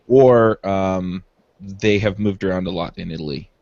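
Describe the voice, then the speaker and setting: A man on a casual podcast, explaining a point in a calm, informative way. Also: sits low, a little slow, no room sound. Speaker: podcast co-host. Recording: dry dull lo-fi audio.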